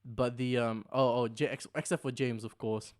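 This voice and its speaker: Smooth-voiced young man, jokey. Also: mid-range voice, steady tone, moderate pace. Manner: jokey, sarcastic, laughs often. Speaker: podcast co-host. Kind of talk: casual chat.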